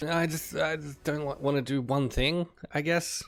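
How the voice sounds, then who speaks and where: A man's voice: a little high, steady tone, normal speed, creaky, voice pushed up. A man voicing a blunt, sweary young female gnome in a tabletop game. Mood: chatty.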